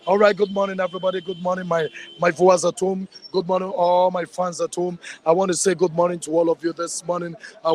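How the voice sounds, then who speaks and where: A man with a Nigerian accent giving fiery, ranting street commentary outdoors, mixing in Yoruba phrases. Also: a little high. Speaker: street interviewee.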